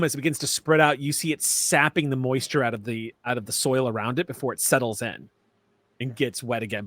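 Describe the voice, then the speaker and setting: A man serves as game master for a tabletop game, narrating in a relaxed, talkative way packed with fillers. His voice is medium-pitched and the recording has no echo.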